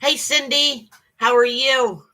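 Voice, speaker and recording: Slow-talking bright woman greeting stream viewers. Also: high-pitched, fairly even intonation. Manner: chatty, halting, with many ums and restarts; greets viewers cheerfully by name. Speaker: livestream host. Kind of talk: casual livestream chat greeting viewers.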